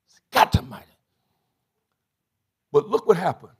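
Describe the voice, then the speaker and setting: A middle-aged man, preaching a sermon as bishop in a church, swinging from low confiding talk to shouted bursts. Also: expressive, unhurried. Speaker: bishop and pastor. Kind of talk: call-and-response sermon. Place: church sanctuary.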